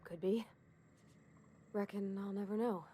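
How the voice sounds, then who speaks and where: A woman voicing a shy, halting young engineer. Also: medium pitch, steady tone, slight background noise, natural voice. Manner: hesitant, halting, soft-spoken. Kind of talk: video game dialogue.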